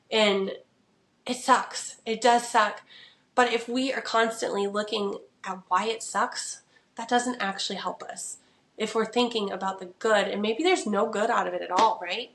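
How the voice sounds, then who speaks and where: A woman's voice: medium pitch, fairly bright tone. A young adult woman hosting a podcast, talking earnestly and casually about faith and mindset, with lots of "like" and "right.". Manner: chatty, earnest, full of "like" and "right". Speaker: podcast host. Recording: echoey room.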